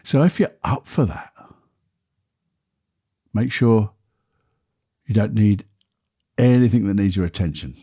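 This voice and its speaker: A man, a podcast host and therapist, talking a listener calmly through a guided exercise in a soft, unhurried voice. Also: lowish voice, husky. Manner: calm, soft, unhurried guiding voice.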